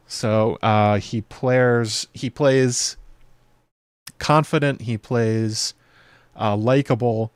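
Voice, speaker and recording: A man in a mid range of pitch gives a casual, rambling breakdown as a show host. He fills pauses with plenty of fillers and drops into quick playful impressions. His voice sits dry and close, with no room sound around it. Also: steady tone, smooth, dry recording. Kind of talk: casual episode breakdown commentary.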